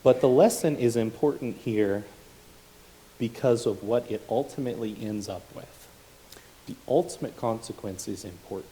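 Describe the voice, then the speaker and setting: A male preacher giving a sermon, building to loud, emphatic rhetorical questions. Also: medium pitch, moderate pace, slight background noise, rough recording.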